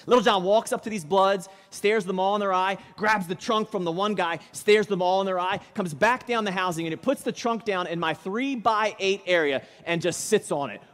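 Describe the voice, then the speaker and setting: A man's voice: high-pitched, fairly bright tone. A male pastor preaching a sermon in church, telling a story with dramatic, emphatic delivery. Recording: reverberant church hall.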